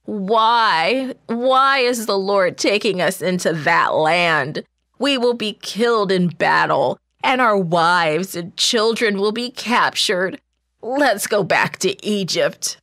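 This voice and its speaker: A woman's voice: mid-range voice, slow pace, no echo, studio quality. A woman reading as a wailing, frightened crowd. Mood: wailing despair. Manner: loud, despairing, pleading.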